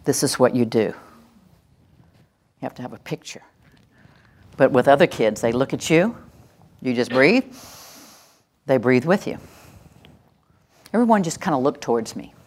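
Low-voiced older woman teaching a workshop. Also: moderate pace, long pauses, slightly rough. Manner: lively and demonstrative, acts out examples and leads exercises. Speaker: workshop presenter on calming children. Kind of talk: live teaching talk to an audience.

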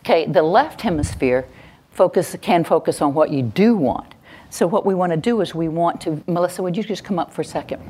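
A woman presenter teaching a live parenting workshop to an audience, lively and acting out little scenes in quoted voices. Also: low voice. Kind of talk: live instructional talk to an audience. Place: venue with stage lights and an audience.

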